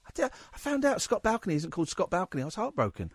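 A man's voice: high-pitched, wildly swooping pitch, very fast, slightly rough, no room sound. A man hosting a radio talk show in the studio, telling a rambling anecdote full of quoted voices. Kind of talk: casual radio chat, storytelling.

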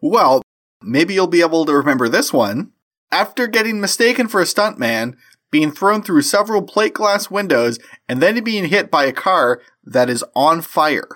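A man's voice: fairly high pitch, big pitch swings, moderate pace, fairly bright tone. A man hosting a comedy podcast, joking around and running quiz games in casual chat. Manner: goofy, hosts quiz games. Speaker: podcast host.

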